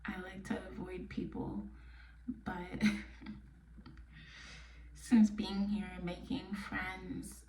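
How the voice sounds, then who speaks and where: A woman from New York hosting her own podcast, talking candidly and bluntly, sometimes dropping to a soft near-whisper. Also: fairly low pitch, level tone, slow, long pauses, slight background noise. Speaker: podcast host. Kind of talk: casual personal monologue. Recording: echoey room, mic a bit distant.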